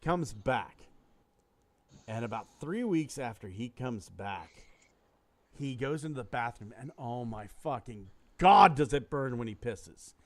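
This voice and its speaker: A podcast co-host in a casual, crude chat about toys tells a dirty joke and does voices for its characters. He speaks unhurriedly at a medium pitch with lively intonation.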